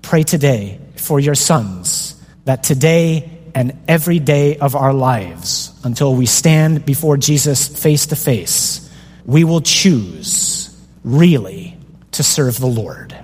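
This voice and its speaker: A priest closes his talk with a solemn prayer, speaking very slowly in a husky voice. A long hall reverb trails after his words. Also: medium pitch, lively intonation, darkish tone.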